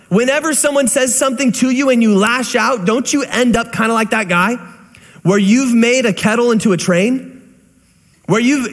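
A young man preaching a sermon as a pastor, telling stories with lively acted-out voices and sound effects. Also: very high-pitched, in a large hall. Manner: animated storyteller, acts out voices and sounds.

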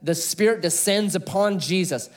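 A middle-aged man preaching an expository sermon, telling stories with animated delivery and laughing at his own jokes. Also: high-pitched, moderate pace. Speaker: pastor.

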